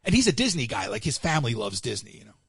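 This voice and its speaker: Animated gravelly American male host. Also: mid-range voice, racing, dry recording. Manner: animated storyteller acting out quotes. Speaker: call-in show host. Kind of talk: casual storytelling chat.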